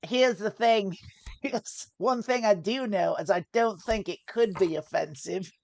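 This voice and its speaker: Streaming poker, a woman narrates her thinking on each hand and often restarts her sentences. Her creaky, slightly mellow voice is mid-range and a little slow, captured in a dry, clean studio recording.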